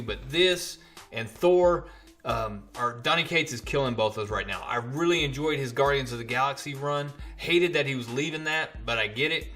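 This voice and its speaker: Chatty man reviewing comics, bright voice. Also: mid-range voice. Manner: enthusiastic, chatty. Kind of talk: casual comic recap vlog.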